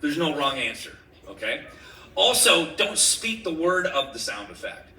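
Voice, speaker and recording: A man's voice: on the high side, big pitch swings, a little slow, bright, forceful tone. A man hosting an improvised comedy sound-effects game, bossy, laughing and swearing as he gives orders. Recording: roomy, distant mic, noisy background.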